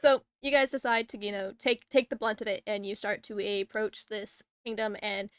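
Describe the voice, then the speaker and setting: A woman's voice: medium pitch, moderate pace, no room sound, studio quality. A woman running a tabletop game as dungeon master, narrating in a rambling, filler-heavy way. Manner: rambling, filler-heavy storytelling with acted-out snippets.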